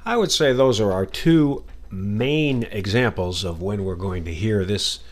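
American guy teaching english expressions, chatty, takes his time. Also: lowish voice. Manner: friendly, chatty, explains slowly with examples. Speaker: English teacher podcast host. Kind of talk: casual English lesson.

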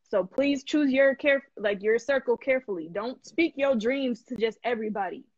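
A woman hosting a live stream in casual chat, animated and emphatic, laughing often and full of slang. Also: a little high, moderate pace, no echo, highs cut off. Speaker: host.

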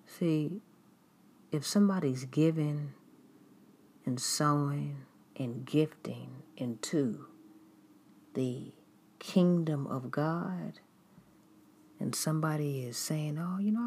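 A woman's voice: sits low, slow, long pauses, mellow, slightly rough. A woman preaching a sermon in an emphatic, repetitive way, now and then mimicking critics in a raised voice.

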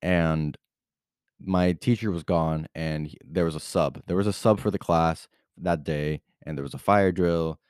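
A young man hosts his own podcast, telling stories in a rambling, casual way packed with filler words and swearing. His low voice is smooth and a little mellow, with fairly even intonation at a measured pace. The recording is dry and of studio quality.

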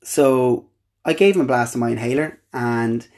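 A young Irish man hosting a podcast, telling a personal story in an earnest, halting way with frequent restarts. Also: medium pitch, a little mellow. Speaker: podcast host.

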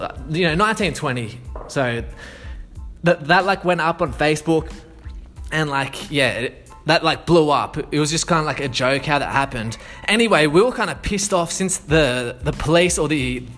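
A man's voice: fairly high pitch, fairly bright tone. A man telling a story in a loose, rambling way, swearing freely, with many fillers and restarts. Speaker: sales consultant. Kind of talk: casual storytelling.

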